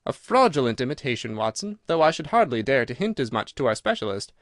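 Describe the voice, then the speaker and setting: A man voicing a sharp, assured detective who explains his reasoning in clipped, crisp sentences. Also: medium pitch, big pitch swings, fast talker, dry recording, clean studio sound, natural voice. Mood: explaining. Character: sharp, cool male detective, brisk and assured.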